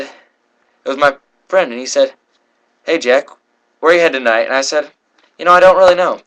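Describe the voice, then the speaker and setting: A man's voice: mid-range voice, a bit bright. A young man performing a card trick while telling a rambling story, often correcting himself mid-sentence. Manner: rambling, self-correcting, voices quoted people. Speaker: card magician.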